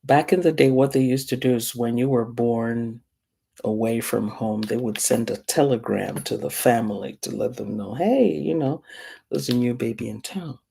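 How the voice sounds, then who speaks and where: A middle-aged woman from Africa teaches a class through a personal story. Her voice is gravelly, dark and mellow, and she acts out the voices of the people she quotes. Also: extremely low pitch, normal speed.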